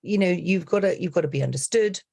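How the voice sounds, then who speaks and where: A middle-aged woman, a coach, chatting on a podcast in a lively storytelling way. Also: on the low side, fast talker, creaky. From Britain. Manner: chatty, animated storyteller who slips into accent impressions. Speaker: accent and dialect coach, guest. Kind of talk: casual podcast chat.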